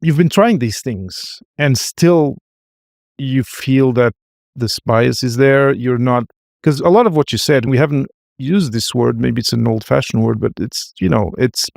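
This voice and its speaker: A man hosting an interview podcast, speaking haltingly with frequent restarts and affirming fillers. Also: medium pitch, gravelly, darkish tone, dry recording, clean studio sound. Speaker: podcast host. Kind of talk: interview conversation.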